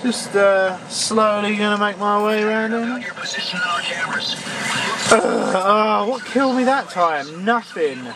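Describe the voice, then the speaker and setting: A man commentating a video game, exasperated, often yelping and shouting at the game. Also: high voice, slow, very noisy. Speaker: gamer. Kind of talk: let's play commentary. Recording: loud game sounds behind voice.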